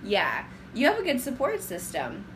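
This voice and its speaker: A woman's voice: medium pitch, huge pitch swings, moderate pace, fairly bright tone, slight background noise, rough recording. A young woman chatting casually on a phone livestream, rambling and giving advice to viewers. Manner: loose, rambling and getting sidetracked. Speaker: livestream host. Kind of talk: casual live-stream chat. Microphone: phone camera.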